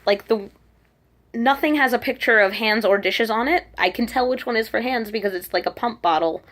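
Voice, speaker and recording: A woman's voice: fairly high pitch, brisk. A woman vlogging to a handheld camera, telling a casual story and animatedly acting out her own reactions. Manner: chatty, animated quoting of herself. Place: abroad in Korea, at home.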